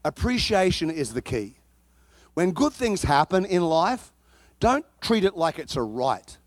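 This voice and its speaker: A man with a notably high voice preaches with lively, story-driven energy. He rises into loud shouting at times. The sound is dry and close. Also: measured pace, no echo. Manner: animated storytelling, bursts into shouting. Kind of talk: sermon.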